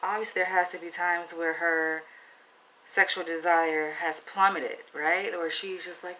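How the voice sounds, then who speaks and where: A woman's voice: on the low side, animated, normal speed, pushed and bright, poor audio. A woman with a Southern US accent talking frankly to camera in a casual, chatty advice vlog. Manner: frank, chatty, asks "right?" often. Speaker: vlogger.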